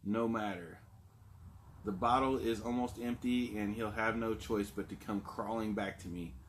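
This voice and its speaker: Man reads out a smug, seductive dark spirit from a label; low-ish voice, plain delivery. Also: steady tone, normal speed, slight background noise, lightly acted. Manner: read aloud from a label in a plain voice. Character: sinister nameless inner spirit, boastful and seductive.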